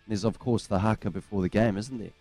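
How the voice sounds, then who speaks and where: A male co-host on a sports radio show, telling stories with plenty of enthusiasm. His voice is fairly low and sounds close and dry, with faint music underneath. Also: fairly even intonation, quick pace, darkish tone, dry recording. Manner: enthusiastic, storytelling. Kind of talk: casual sports radio chat. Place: radio studio.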